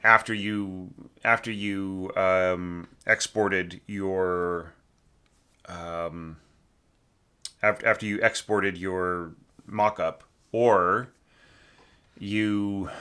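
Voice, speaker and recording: Critiquing a student's score in a relaxed way, a man who teaches orchestration speaks in a lowish, pushed, bright voice. He reasons out loud, restarting often and tacking on tag questions, and occasionally sings rhythms to illustrate what he means.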